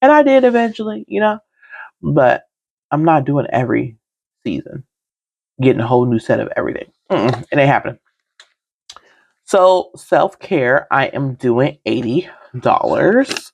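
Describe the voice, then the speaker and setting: A woman's voice: a bass voice, very animated, moderate pace, vocal fry, pauses often, a little mellow. A woman budget vlogger chatting casually while counting cash, teasing herself and talking straight to her viewers.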